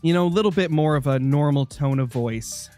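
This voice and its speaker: A man's voice: fairly high pitch, a little fast, a little mellow, faint music behind. A young man streaming a hunting game, chatting casually and answering viewers while nursing a sore, dry throat. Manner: chatty, answering chat messages. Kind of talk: live gaming stream commentary.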